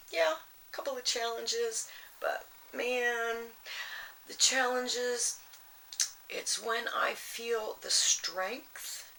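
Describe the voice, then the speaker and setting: A woman with a gravelly, bright-edged voice gives a casual tarot reading. She talks slowly and rambles, looping back with "you know" and motherly advice. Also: mid-range voice, a little hiss or hum, poor audio. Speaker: tarot reader. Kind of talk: casual astrology reading to camera.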